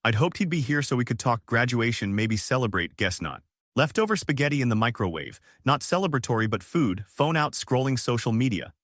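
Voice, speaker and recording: A man's voice: medium pitch, very animated, fairly quick, fairly bright tone, no echo. Guy doing dramatic storytime narration, choppy little phrases, dry close sound. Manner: clipped, fragmentary phrasing, dramatic. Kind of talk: scripted first-person story narration.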